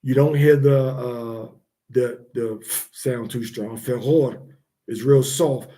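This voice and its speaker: A man teaching the pronunciation of scripture words, repeating each sound slowly to demonstrate it. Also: mid-range voice, fairly even intonation, dark tone.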